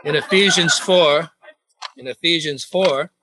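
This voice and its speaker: A man's voice: on the high side, unhurried, background noise. A man preaching a sermon, joking and putting questions to the congregation. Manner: jokey, asks the congregation questions.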